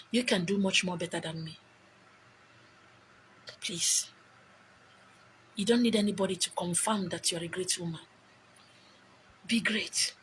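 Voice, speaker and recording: Nigerian woman, middle-aged, emotional rambling talk, phone live stream, faint background noise. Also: medium pitch. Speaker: live video host. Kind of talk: casual motivational live stream.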